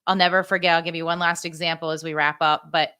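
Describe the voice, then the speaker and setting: A woman's voice: low-pitched, little pitch movement, fast talker, pushed and bright, clear, resonant tone. A middle-aged woman, a podcast guest, earnestly telling her own story and giving advice to parents. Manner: earnest, heartfelt.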